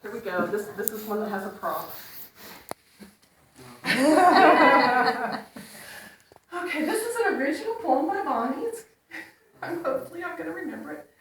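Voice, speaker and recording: A woman with a fairly high voice tells a story to a congregation in a playful, animated way, slipping into voices as she goes. She is heard from some distance in a very echoey hall. A faint hiss sits underneath. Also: unhurried, pauses often. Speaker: speaker. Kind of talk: inspirational talk to a congregation. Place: church hall. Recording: echoey hall, speaker away from the mic.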